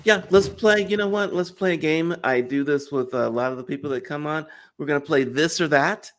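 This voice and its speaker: A man hosting an interview show, enthusiastic and chatty, quick to laugh. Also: on the high side, a bit bright. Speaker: show host. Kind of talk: casual interview chat.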